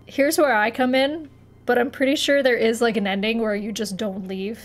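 A woman's voice: on the high side, steady tone, normal speed. A young woman playing a video game and chatting through it with playful, joking commentary. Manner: chatty, playful, swears, giggles. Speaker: gaming YouTuber. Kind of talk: casual let's-play commentary.

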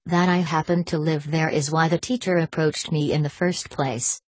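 A woman reading a cunning French manservant, quiet and sure. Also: low-pitched, fairly even intonation, normal speed, no room sound. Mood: calm assured.

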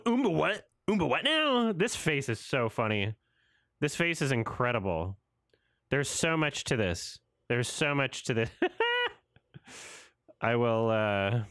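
A man's voice: fairly low pitch, a bit bright, smooth, no room sound, clean studio sound. A man in his thirties doing casual, sarcastic reaction commentary on a trailer, laughing and swearing as he goes.

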